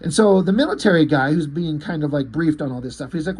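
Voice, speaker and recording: A man reviewing a comic book, rambling through the plot in a halting, casual way with many fillers and restarts. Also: a little high, darkish tone, breathy edge.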